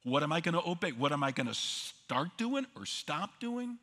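Bright-voiced preaching man, echoing hall. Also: on the high side, sing-song, normal speed. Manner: emphatic, rhetorical questions, repeats words for stress. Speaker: pastor. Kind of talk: sermon.

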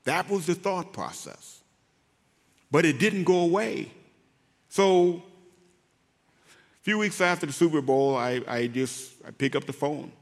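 A man giving an emotional faith testimony as an interview guest, speaking haltingly and repeating words as he goes. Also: fairly high pitch, lively intonation, creaky, big-room sound. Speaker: guest, former pro football player.

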